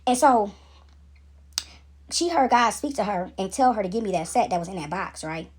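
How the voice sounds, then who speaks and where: A woman's voice: medium pitch, animated, normal speed, husky. A young woman telling a story to her viewers in a casual, chatty way, tagging her sentences with "right?" and "y'all", shaken up by what she is describing. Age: young adult. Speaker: vlogger.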